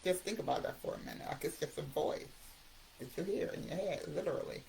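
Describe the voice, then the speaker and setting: A woman's voice: low voice, quick pace, gravelly, warm tone, a little hiss or hum, rough recording. A woman hosting a recovery talk, speaking emphatically and conversationally, often repeating herself for effect. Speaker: recovery coach host.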